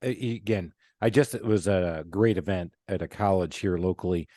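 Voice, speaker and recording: A man's voice: low voice, normal speed, warm tone, no echo, clean studio sound. A man hosting a podcast interview, chatty and enthusiastic, talking casually with plenty of fillers. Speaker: podcast host.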